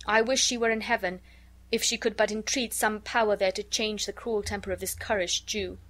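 A woman's voice: mid-range voice, fairly even intonation, brisk, fairly bright tone, close to an everyday voice. A woman reading the lines of a showy young man who copies his lord, in a storybook. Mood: emphatic.

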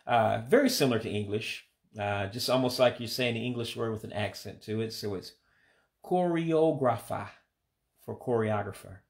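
A man giving a casual vocabulary lesson, speaking slowly and carefully, repeating words with some hesitant fillers. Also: medium pitch. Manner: slow, careful repetition of words. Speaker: language learner teaching vocabulary.

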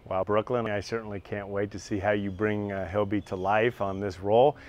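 A man's voice: fairly low pitch, steady tone, brisk, a little mellow. A man hosting an interview, upbeat and enthusiastic toward his guests. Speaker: interview host.

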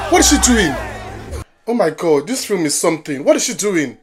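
Female reactor watching a film for the first time, animated voice, shouts and talks back at the screen. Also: on the low side, normal speed, over music, a crowd in the background. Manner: exclaims and yells at the characters on screen. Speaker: movie reaction host.

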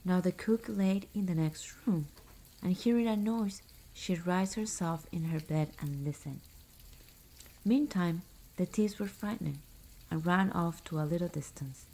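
A woman reading a fairy tale aloud as a whispered ASMR bedtime story, soft and hushed. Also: lowish voice, gravelly, poor audio.

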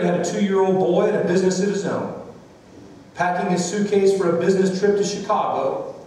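A male pastor preaches a sermon in a church sanctuary, moving from storytelling to calls for amens. His voice is fairly high. It reaches the mic from a distance, with long reverb around it. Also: darkish tone, slight background noise.

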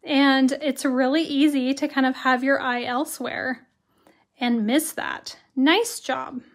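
A hoarse woman leads a relaxed live watercolor tutorial, her voice high and her pace unhurried. She chats along and greets viewers by name as she works. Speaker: watercolor instructor. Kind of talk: live-stream craft tutorial.

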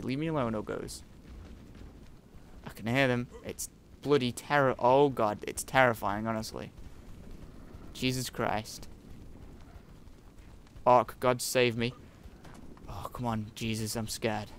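Young male gamer, gravelly voice, jumpy and jokey, swears a lot. Faint background hiss. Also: mid-range voice, moderate pace, pauses often. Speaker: gaming YouTuber. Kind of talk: let's-play commentary.

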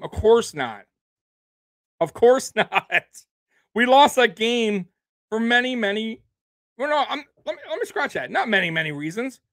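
A man's voice: high-pitched, a bit bright, no echo. A man hosting a sports show, ranting in casual, heated, profane talk with bursts of incredulous laughter. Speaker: sports podcast host.

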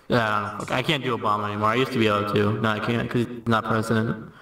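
A playful man ribbing others in a voice chat. His voice is bright, picked up from a distance in a roomy space. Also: fairly low pitch, little pitch movement, quick pace. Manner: playful, giggly, trolling. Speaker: voice chat player.

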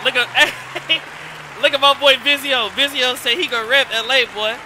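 A man streaming live, chatting casually and excitedly, shouting out his viewers in heavy slang. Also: very high voice, moderate pace, a faint crowd, slight background noise.

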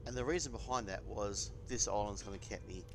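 A man giving casual, chatty gameplay commentary with bursts of excitement. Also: on the low side, a little fast. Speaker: gaming channel host. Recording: game noise in the background.

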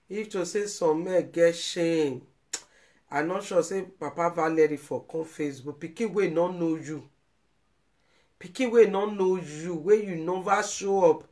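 A woman's voice: deep voice, measured pace, a little mellow. A woman with a Nigerian accent giving emotional, pleading commentary on a live video, repeating herself for emphasis. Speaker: vlogger.

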